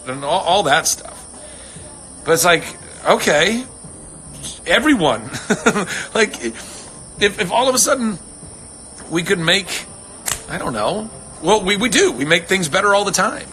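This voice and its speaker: A man hosts a casual livestream from his ranch home, wandering from thought to thought in an earnest, unfiltered way. His voice sounds bright and forward, and he swears freely. Faint crickets chirp in the background. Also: high voice, animated, unhurried, long pauses, slight background noise. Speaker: livestream host answering fans.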